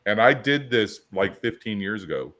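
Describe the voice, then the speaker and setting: A man's voice: fairly low pitch, expressive, moderate pace, fairly bright tone. A man co-hosting a coaching podcast, talking assertively in casual chat and acting out quotes in his stories. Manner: assertive, storytelling with acted-out quotes.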